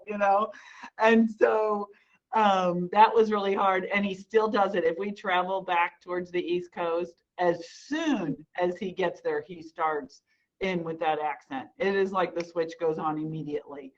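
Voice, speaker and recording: A woman telling an amused, animated personal story during an online panel discussion. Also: medium pitch, a little slow, highs cut off. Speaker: panel participant. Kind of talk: casual anecdote on video call.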